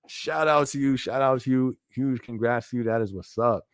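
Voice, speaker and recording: Male live-stream host, casual and loose, mid-pitched voice, close dry mic. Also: moderate pace, smooth, no room sound. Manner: laid-back, laughs often, frequent fillers like "you feel me". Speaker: livestream podcast host. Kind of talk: casual live-stream chat reading viewer comments.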